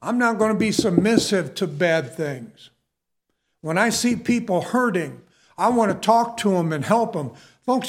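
A preacher man with a fairly high voice delivers his sermon slowly and deliberately. He is earnest and emphatic, and he keeps turning to his listeners as "folks.".

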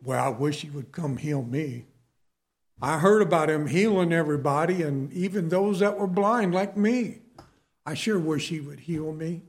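A blind beggar man who longs to be healed, his voice soft and plaintive, as a male preacher puts him on. The tone stays fairly high and the words come unhurried. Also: animated, full character voice. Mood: wistful.

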